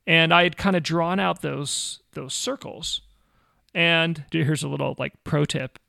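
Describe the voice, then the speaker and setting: Gravelly, animated male storyteller. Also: fairly high pitch, unhurried, dry recording, studio quality. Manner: animated storyteller, acts out quotes. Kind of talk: casual faith talk with storytelling.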